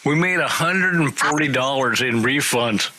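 A man spins road stories in a loose, casual interview, and his voice is bright and forceful. He acts out everyone he quotes along the way, with a steady middle pitch. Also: normal speed, low-quality recording. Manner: animated storyteller acting out quoted voices. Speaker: metal singer telling road stories.

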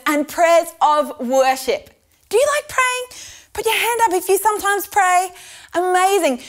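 An Australian woman leading a lively preschool church lesson, asking the children questions and drawing out her words. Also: very high-pitched. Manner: animated, exaggerated, asking kids questions.

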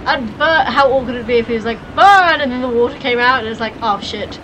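A woman's voice: on the high side, fairly even intonation, fast talker, background noise. A woman hosting a let's play, chatting casually and playfully with lots of giggles. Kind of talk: casual gaming chat.

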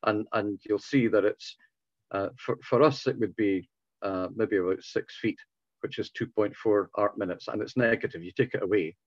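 A man whose voice is going hoarse talks a society through a technical subject, stopping and restarting his phrases as he goes. The call audio is dull and muffled, with a dry sound and no room echo. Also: on the low side. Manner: halting, patient explaining with many restarts. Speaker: club speaker. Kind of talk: informal talk answering questions.

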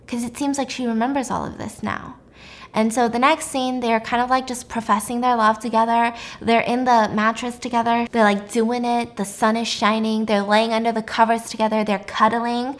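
Chatty young woman recapping a film. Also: a little high. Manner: chatty, animated storytelling with frequent fillers. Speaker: YouTuber.

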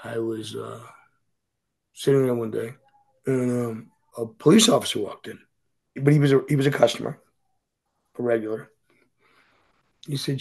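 A man's voice: mid-range voice, fairly even intonation, moderate pace, creaky, pauses often, darkish tone, low-quality recording. A middle-aged man, speaking as a podcast guest and telling his story bluntly and profanely. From Boston. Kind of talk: candid storytelling interview.

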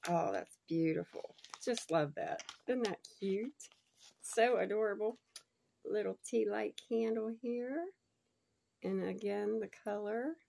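A woman, chatting casually and gushing excitedly as she unboxes a gift, laughing often. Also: medium pitch, vocal fry. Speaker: unboxing vlogger.

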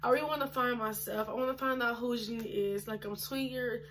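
A woman's voice: on the high side, fairly even intonation, fairly quick, fairly bright tone. A woman of twenty, pregnant and a little out of breath, chatting casually to camera as a vlogger, emphatic and full of fillers. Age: 20s. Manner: chatty, emphatic, uses lots of fillers and laughs.

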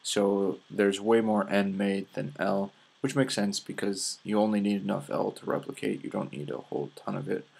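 A man's voice: fairly low pitch, vocal fry, breathy edge. A young man with a Minnesota accent giving a casual science lecture over slides, explaining loosely with plenty of filler words. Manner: relaxed, filler-heavy explaining with frequent "uh"s.

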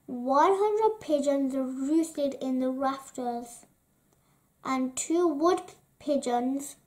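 A woman reads a children's picture book aloud as gentle storytelling. Her voice sits high and light. She reads very slowly and gives each phrase plenty of room.

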